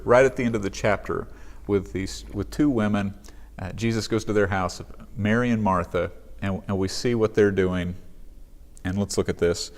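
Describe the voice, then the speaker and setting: A male pastor giving a sermon in an earnest, conversational way in a church sanctuary. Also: fairly low pitch.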